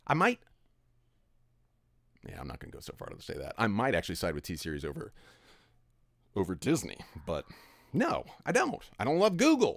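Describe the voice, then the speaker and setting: A man's voice: a little high, dry recording, clean studio sound. A man giving an opinionated commentary rant, emphatic and exasperated, scolding his audience. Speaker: video commentator.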